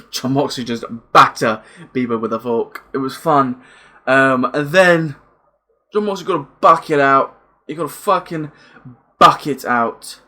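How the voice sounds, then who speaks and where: A young man reviewing a wrestling event in a casual, excitable, rambling way, swearing freely and repeating himself. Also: medium pitch.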